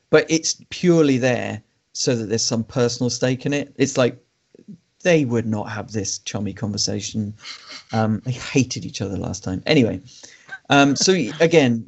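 Gravelly man reviewing films. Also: mid-range voice, dull audio. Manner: relaxed, opinionated, with fillers and restarts. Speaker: podcast co-host. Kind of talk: casual film review chat.

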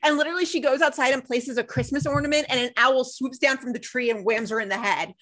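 A young woman co-hosting a casual recap chat, telling the story with lively acted-out quotes. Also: high voice, fast. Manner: animated storytelling, acts out quotes. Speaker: podcast co-host.

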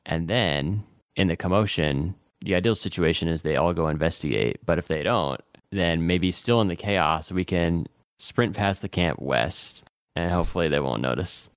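A man's voice: low voice, normal speed, dry recording, studio quality. A man playing as a guest in a tabletop game, methodically talking through plans step by step. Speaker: guest player.

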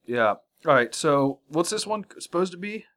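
A man's voice: fairly high pitch, sing-song, moderate pace. Joking man co-hosting a beer podcast. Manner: jokey, loud sudden outbursts. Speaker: podcast co-host. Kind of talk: casual beer-tasting banter. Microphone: studio microphone.

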